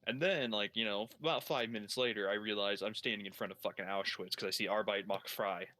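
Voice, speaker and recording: A young man's story runs long as he games, rambling, full of heavy swearing and restarted sentences in a casual, profane way. His voice is fairly low, steady, brisk, pushed and bright.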